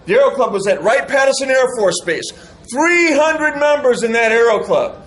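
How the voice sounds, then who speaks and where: A middle-aged man giving an animated storytelling speech to an audience of veterans, acting out the dialogue he recounts. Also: very high voice, normal speed, low-quality recording. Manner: animated, acts out quoted dialogue. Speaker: speaker addressing veterans.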